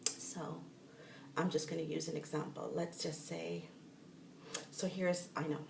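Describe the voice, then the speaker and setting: Woman, casual spiritual teacher, rambling delivery, voice with a bit of fry, roomy echo and faint background noise. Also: low voice, little pitch movement, a little slow, recorded from a distance. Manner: rambling, restarting sentences. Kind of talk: casual guided instruction.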